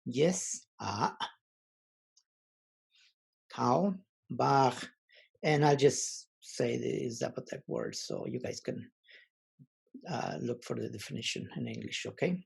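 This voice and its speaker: A man teaching an online language lesson, reading word lists aloud slowly and pausing often with fillers. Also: medium pitch, very animated, vocal fry, darkish tone, husky, poor audio.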